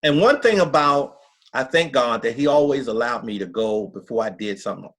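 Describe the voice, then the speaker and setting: Husky middle-aged man, pastor, emphatic, earnest, country-style storytelling, interview. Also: mid-range voice, animated, brisk. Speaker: pastor, guest.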